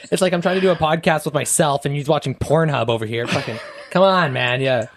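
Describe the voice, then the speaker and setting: A man's voice: on the high side, brisk. A young man co-hosting a casual podcast, teasing his friend and laughing a lot, close to a studio mic with a pop screen. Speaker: podcast co-host. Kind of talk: casual chat.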